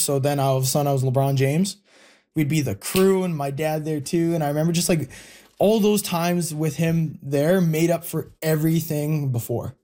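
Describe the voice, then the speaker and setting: A young man telling a personal family story in an interview, casual and heartfelt, pausing often with fillers. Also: fairly high pitch, darkish tone. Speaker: guest.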